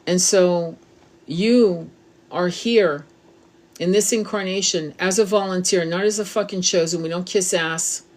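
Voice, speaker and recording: A woman's voice: fairly low pitch, a little slow, darkish tone. A middle-aged woman giving a spiritual tarot reading, talking bluntly and passionately and swearing freely. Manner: blunt, profane, impassioned. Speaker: tarot reader.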